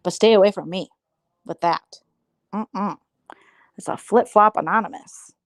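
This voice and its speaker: Brief: gossipy, sarcastic female streamer, mid-pitched, dry close sound. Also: a little slow, creaky, no room sound. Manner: gossipy, sarcastic, slips into mimicry. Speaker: host. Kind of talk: casual livestream gossip chat.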